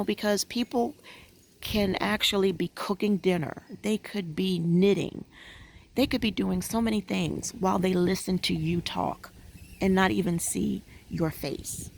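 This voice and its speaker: A woman's voice: mid-range voice, gravelly, background noise. A woman vlogger sitting outdoors at home, chatting casually and musing with lots of fillers. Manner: rambling, musing, frequent fillers. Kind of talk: casual chat.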